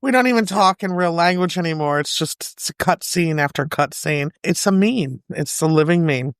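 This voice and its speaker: A middle-aged American woman, a guest on a podcast, talking in a relaxed, wry and joking way. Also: fairly low pitch, normal speed, no echo, clean studio sound. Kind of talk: casual podcast chat.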